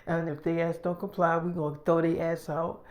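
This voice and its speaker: A man's voice: on the high side, flat delivery, a little fast, lightly acted. A man playing a hot-tempered foul-mouthed enforcer. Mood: bossy. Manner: profane, streetwise, barking orders.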